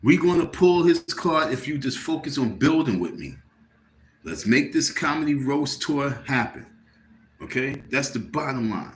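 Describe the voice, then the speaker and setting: A man ranting on his own livestream, worn out and annoyed, circling back over the same points and stumbling over repeated words. His voice sits at an ordinary middle pitch. It is picked up in a roomy space with a faint hum of noise behind him. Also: animated, unhurried. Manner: irritated, rambling, repeats words. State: tired. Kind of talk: casual livestream rant.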